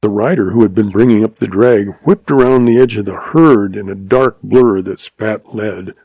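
Gravelly husky guy reading a western audiobook, dark tone, dry close mic. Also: on the low side, normal speed, no echo, highs cut off. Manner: steady, dramatic storytelling. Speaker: narrator.

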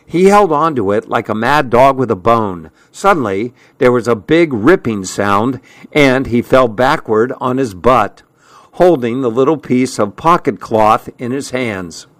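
A man narrates a story in an unhurried, measured way. His voice sits at a middle pitch, and the recording is dry and close. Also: lively intonation, fairly bright tone, dry recording. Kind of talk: audiobook narration.

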